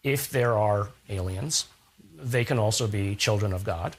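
A man's voice: lowish voice, measured pace, husky. Man explaining with analogies. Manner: thoughtful, explains with analogies and rhetorical questions. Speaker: interview guest, scientist. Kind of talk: conversational interview.

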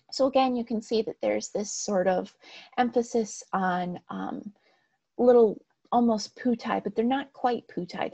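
A woman's voice: mid-range voice, gravelly, warm tone, husky. A woman lecturing on art history over slides, explaining in a plain way with frequent "um" and "right".

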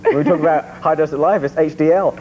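A man's voice: on the high side, fast talker, mellow. Jokey male radio host, dull sound. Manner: jokey, tells gags, laughs often. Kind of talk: casual morning radio banter. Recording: dull radio audio with faint hiss.

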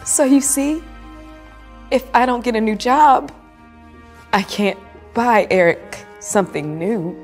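An actress playing a struggling mother in a scripted drama skit, speaking in a slow, earnest, apologetic way. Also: a little high. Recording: clip played with soft music behind.

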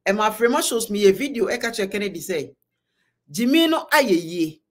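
A woman's voice: mid-range voice, animated, fast talker. A woman with a Ghanaian accent hosting a live online show, giving emphatic political commentary, switching between Twi and English and repeating words for force. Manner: mixes Twi and English, greets viewers by name.

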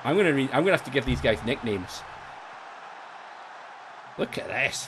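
A man streaming himself playing a football management game, chatting along in a gravelly voice. His pitch swings widely as he jumps from rambling self-mockery to excited yelps. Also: moderate pace, noisy background. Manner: chatty and self-mocking, with sudden excited outbursts. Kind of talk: live-streamed gameplay commentary.

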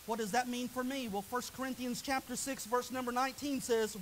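Guy preacher w/ a really high voice ppl think is a woman's, goes from shouting up high to dropping real quiet. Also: steady tone, brisk, few pauses, a little hiss or hum, rough recording. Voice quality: high-pitched voice often taken for a woman's. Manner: swings from soaring high shouts to hushed low asides. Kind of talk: revival sermon.

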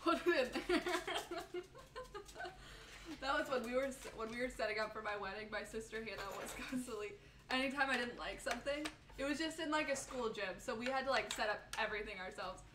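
A woman's voice: a little high, a little fast. A woman from Chicago hosting a livestream, chatting casually and reading out chat messages while cooking. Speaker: livestream host. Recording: echoey room with noticeable noise.

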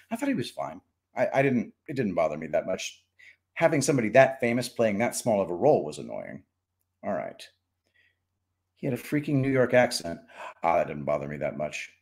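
A man's voice: medium pitch, darkish tone. A man hosting a casual live stream, reading chat and giving rambling, opinionated takes with frequent restarts.

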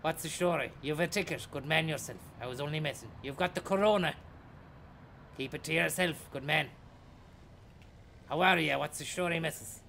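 A man's voice: on the high side, normal speed, creaky, pauses often, sharp tone, slight background noise. An Irish man streaming a bus-driving game, chatting with passengers in a teasing way and repeating catchphrases. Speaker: streamer playing a bus driver. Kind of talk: comedic live-stream banter.

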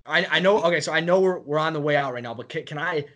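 A man's voice: a little high, fast talker, bright, forceful tone. A man appearing as a guest on a casual podcast, explaining things in a plain, easygoing way.

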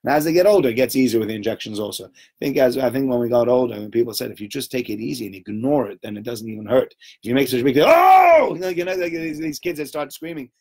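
A man giving an informal Torah talk to a small group, conversational and animated, often checking in with "right?" and acting out little voices. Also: mid-range voice, very fast, few pauses, slightly rough. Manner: acts out little voices and sounds while telling stories.

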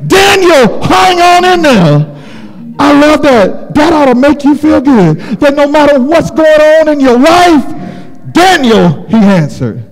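A man preaching a sermon, telling a Bible story with dramatic, shouted climaxes. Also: very high voice, very animated, a little slow. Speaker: pastor. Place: church sanctuary. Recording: long hall reverb.

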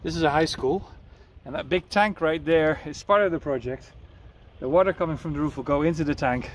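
A man's voice: on the high side, brisk, slight background noise. A man, out of breath, giving a cheerful, chatty video tour of a garden outdoors, recorded on a handheld phone. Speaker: foundation director giving a site tour.

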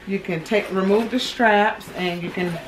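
A pregnant vlogger in her thirties chats casually and a bit breathlessly with viewers, calling them "y'all." Her voice is medium-pitched and unhurried, captured by a distant camera mic in an echoey room at home with heavy background noise.

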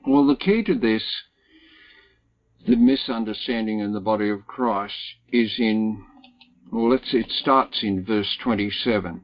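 A man leading a Bible study group, teaching and reading scripture aloud slowly and deliberately, stressing key words. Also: on the low side, dull audio.

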